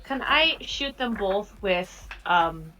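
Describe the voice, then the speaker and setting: Bright-voiced woman playing a tabletop game. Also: medium pitch, lively intonation, takes it slowly, faint music behind. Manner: casual, hesitant. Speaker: player. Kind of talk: casual tabletop game chat.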